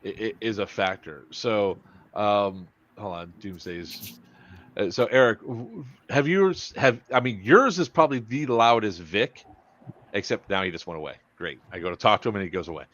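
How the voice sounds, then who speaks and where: A man hosting a casual podcast chat, rambling and halting with lots of fillers and restarts. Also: on the low side, fairly bright tone, highs cut off. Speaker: podcast host.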